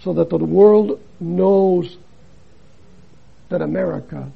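An older man, a missionary preacher, giving a dramatic sermon that swings between loud emphasis and hushed drops. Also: high-pitched, slow pace, creaky, husky, narrow, tinny audio.

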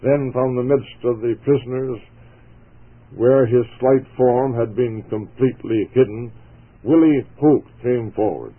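A man's voice: medium pitch, measured pace. A man earnestly reading a moral story aloud as a radio preacher, ending with an appeal to listeners. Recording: tinny phone-like radio broadcast.

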